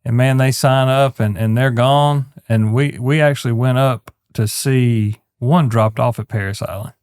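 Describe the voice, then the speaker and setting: A man's voice: mid-range voice, moderate pace, a little mellow, smooth. A man hosting a casual podcast interview, chiming in with brief affirmations and friendly questions. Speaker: podcast host.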